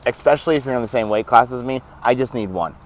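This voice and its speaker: A young man telling stories as a podcast guest, animated and laughing often, acting out what others said. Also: mid-range voice, quick pace, slight background noise. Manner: animated, laughs often, acts out quoted dialogue. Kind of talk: casual storytelling.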